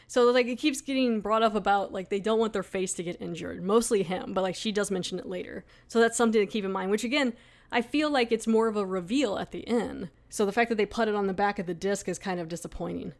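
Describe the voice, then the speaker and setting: A woman's voice: mid-range voice, fast talker. A woman talks through a TV episode on her casual review podcast. She rambles in a chatty way, full of fillers, in an ordinary mid-range voice. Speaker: podcast host.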